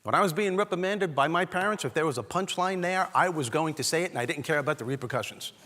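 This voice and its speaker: A man from Brooklyn, giving a comedic motivational keynote with animated, punchy storytelling. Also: on the high side, fast talker, big-room sound. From Brooklyn, New York. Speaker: keynote speaker. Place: large hall, on stage.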